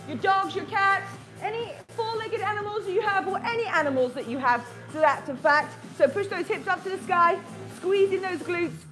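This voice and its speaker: High-voiced upbeat woman coaching a workout. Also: a bit bright. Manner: upbeat, encouraging cues, chats to her dog. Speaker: fitness instructor. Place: home.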